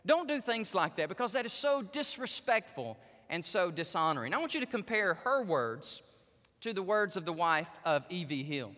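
A male pastor preaching a sermon, telling stories in an animated way and speaking directly to the women listening. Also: high voice, moderate pace, long reverb tail. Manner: animated storytelling, addresses the women in the audience directly.

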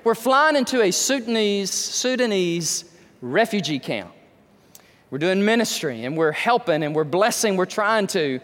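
Male pastor, high-pitched, emphatic sermon delivery, long church reverb. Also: very animated, a little slow, a bit bright. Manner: emphatic preaching with rhetorical questions. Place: church sanctuary.

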